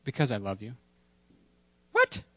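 A man's voice: medium pitch, normal speed, a bit bright. A man preaching a sermon in a conversational, humorous way, with playful asides and emphatic repetition. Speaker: pastor.

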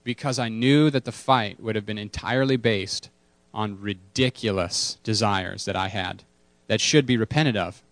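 A man's voice: on the low side, normal speed, hardly any pauses, fairly bright tone, dry recording. A man preaching a casual sermon to his congregation, candid and self-deprecating, repeating key words for emphasis. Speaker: pastor.

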